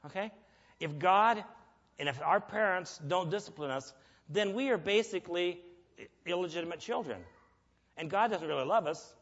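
A man preaches a sermon in a conversational style, putting questions to the audience and acting out grumbling prayers. His voice sits high and a bit bright, at normal speed. The recording is dull and lo-fi, with long reverb.

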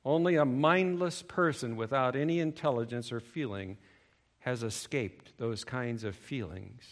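A male preacher giving a sermon, emphatic, swinging between loud stressed phrases and low asides. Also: a little slow.

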